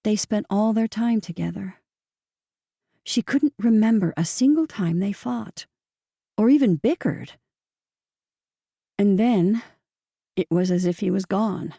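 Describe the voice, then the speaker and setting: A woman narrating an audiobook in a measured, steady storytelling manner, recorded close on a studio mic. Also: mid-range voice, vocal fry, no echo.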